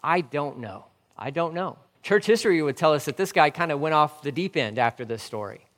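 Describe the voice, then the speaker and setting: A man preaching in a church, his voice sitting a bit high for a man and trailing off into a long hall reverb. He gets fired up, repeats key phrases and hammers rhetorical questions at the congregation. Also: expressive, a little fast, fairly bright tone. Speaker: pastor. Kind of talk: sermon.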